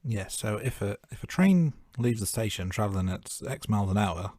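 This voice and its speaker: A man's voice: on the low side, animated, moderate pace, a little mellow, no echo, studio quality. A man co-hosting a film review podcast, chatting casually and raising wry, jokey questions about the plot. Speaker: podcast co-host. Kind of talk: casual movie review chat.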